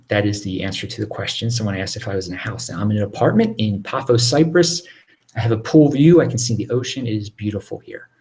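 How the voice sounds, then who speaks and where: A man hosting a casual live question-and-answer stream from his apartment, reading out viewer questions and answering them in a lowered voice with quick restarts. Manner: animated, talks over himself with quick restarts; lowered, near-whispering voice.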